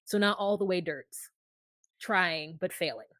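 A woman's voice: fairly low pitch, unhurried, a bit bright, dry recording, studio quality. A woman co-hosting a podcast, casually retelling reality show scenes and quoting the people in them. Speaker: podcast co-host. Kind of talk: casual recap chat.

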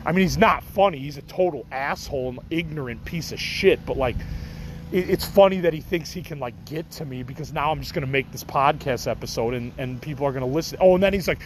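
A middle-aged man from the Chicago area rambles through a profane podcast monologue and shrugs things off. His voice sits a bit high for a man. Faint traffic hums in the background outdoors. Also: fast talker, poor audio. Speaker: podcast host.

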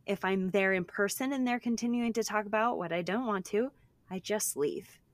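A woman in her thirties co-hosting a podcast, chatting in a lively way, quick with restarts, a mother talking about her kids. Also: mid-range voice, no room sound. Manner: animated, talks fast with restarts. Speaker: podcast co-host. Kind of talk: casual chat.

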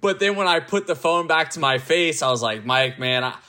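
A man's voice: a little high, lively intonation, brisk, heavy background noise. A man from the Tampa area, a pro ballplayer, chatting as an interview guest with lots of fillers and laughter. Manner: loose, laughing, full of fillers. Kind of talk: casual interview chat.

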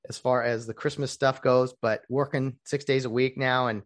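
A man's voice: mid-range voice, level tone, moderate pace. Opinionated man hosting a podcast. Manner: opinionated, rambling, with mocking asides. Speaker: podcast host. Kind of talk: casual solo podcast monologue.

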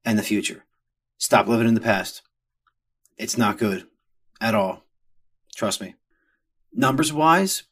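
Brief: middle-aged man, podcast host, crude joking rants, husky and lowish voice. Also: a bit bright. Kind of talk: casual comedic rant.

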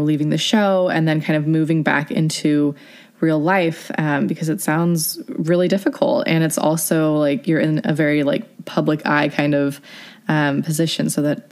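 A woman hosting a casual interview podcast, asking long, supportive questions. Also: low voice. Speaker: podcast host.

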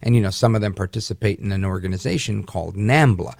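A man's voice: fairly low pitch, fast talker, creaky, darkish tone, no echo, studio quality. A man hosting a syndicated talk radio show, delivering an indignant, rambling monologue with frequent restarts. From Puerto Rican heritage, raised in the northern US.

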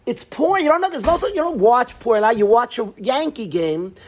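A man in his late twenties telling a lively story to students, acting out the people in it and dropping into whispers for quoted lines. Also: very high-pitched, normal speed. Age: 20s. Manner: animated, acts out whispers and quotes. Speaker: yeshiva educator.

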